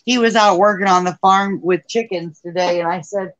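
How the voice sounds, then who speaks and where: A woman chats on a home craft live stream, her voice bright and forward. She laughs often and rambles easily. The sound is close and dry, with no room around it. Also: fairly low pitch, fairly even intonation, brisk, no room sound. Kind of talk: casual chat.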